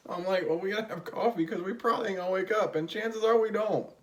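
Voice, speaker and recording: A man's voice: high-pitched, dull audio, a little hiss or hum. A man chatting casually with his partner, telling jokey stories and mimicking her voice. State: tired. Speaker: co-host. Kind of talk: casual chat.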